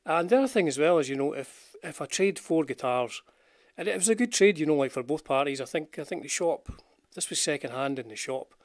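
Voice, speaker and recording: A man's voice: fairly high pitch, lively intonation, fairly quick, no echo, studio quality. An older man with a Scottish accent, rambling about guitars in casual live-stream chat with his viewers. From Scotland. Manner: rambling, chatty, self-deprecating, greets viewers in the chat. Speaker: guitar channel host. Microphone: wearing headphones with a desk mic.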